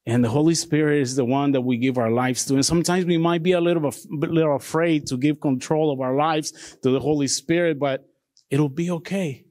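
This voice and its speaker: A man's voice: on the high side, steady tone, brisk, a little mellow, no echo. A middle-aged man from Mexico, giving an earnest, heartfelt sermon as a deacon. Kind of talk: testimony sermon.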